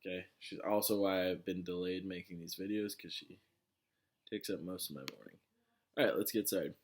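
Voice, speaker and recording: A man with a low voice reads a novel aloud in a casual way. He stumbles now and then and goes back over his words. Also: steady tone, moderate pace, slight background noise. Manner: plain, with slips and restarts. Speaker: reader of a novel.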